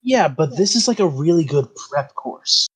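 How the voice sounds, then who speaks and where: A man's voice: fairly high pitch, animated, moderate pace, a bit bright, husky. A man playing a tabletop game, talking hesitantly and rambling. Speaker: player. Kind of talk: tabletop role-play chat.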